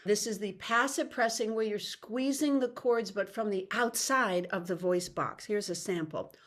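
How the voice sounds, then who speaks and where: A woman's voice: medium pitch, moderate pace. A middle-aged woman voice coach giving an upbeat, explanatory online workshop lecture over a video call. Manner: upbeat, explanatory, breaks into sung demonstrations.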